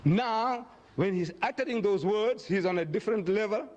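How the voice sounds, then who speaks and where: A man giving a public religious lecture, acting out quoted speech dramatically and slowing down to stress key phrases. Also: a little mellow, dull audio. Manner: dramatic, acts out quoted speech with big pitch swings.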